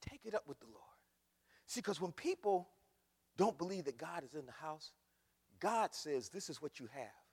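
Animated preaching man. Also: fairly high pitch, moderate pace, long pauses, slightly rough. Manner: preachy, rising to shouts, mocking asides in quoted voices. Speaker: pastor. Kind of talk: sermon. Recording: echoey hall recording.

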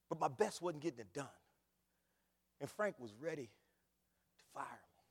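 A man preaching a sermon as pastor, repeating phrases and swinging from loud bursts to quiet asides. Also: fairly high pitch, lively intonation, normal speed, long pauses, breathy edge, long reverb tail. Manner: emphatic, repetitive preaching with big swings in loudness. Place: church.

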